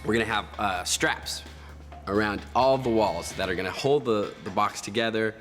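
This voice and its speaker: Low-voiced man laying out a plan. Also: moderate pace, a bit bright. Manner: practical, explaining a plan step by step. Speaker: show team member. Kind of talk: casual on-location planning talk. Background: background music.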